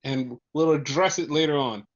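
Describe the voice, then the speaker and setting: Man, podcast co-host, excited rambling, heavy swearing, dull lo-fi sound. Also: fairly high pitch, normal speed. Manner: excited, profane, repetitive storytelling. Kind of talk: casual wrestling review chat.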